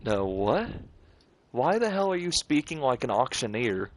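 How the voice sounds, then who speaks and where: A man's voice: medium pitch, sing-song, a little slow. A tired man casually chatting while streaming a game late at night, rambling with fillers and restarts. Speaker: gaming streamer. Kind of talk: casual chat while gaming.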